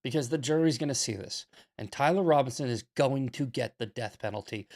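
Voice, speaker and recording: Fiery, fast-shifting American commentary man. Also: mid-range voice. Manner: angry, preachy, swearing, repeats himself for emphasis. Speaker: political commentary host. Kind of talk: heated political commentary.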